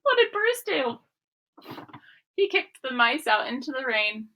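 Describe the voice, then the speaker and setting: Slow, lively teacher reading aloud. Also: female voice, sits high, a little hiss or hum, rough recording. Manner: slow and explanatory, asks the class questions. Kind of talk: classroom read-aloud.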